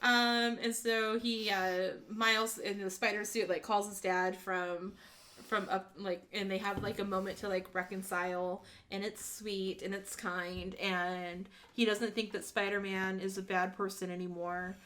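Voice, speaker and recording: A woman recaps a movie on a podcast with easy, animated storytelling. She jumps into quick acted-out quotes and laughs as she goes, her voice sitting at an ordinary middle pitch. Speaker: podcast co-host. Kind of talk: casual movie recap chat.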